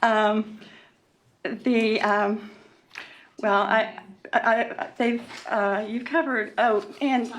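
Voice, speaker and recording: A woman from Florida giving an emotional public comment at a meeting, halting, with many fillers and nervous laughs. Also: on the high side, fairly even intonation, fairly bright tone, a little hiss or hum. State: emotional, upset.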